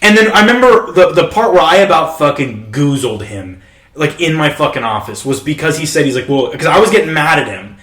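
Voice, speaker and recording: A man in his twenties hosting a podcast, retelling a story in heated, animated casual chat and swearing constantly. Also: fairly high pitch, brisk. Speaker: podcast host. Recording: roomy echo.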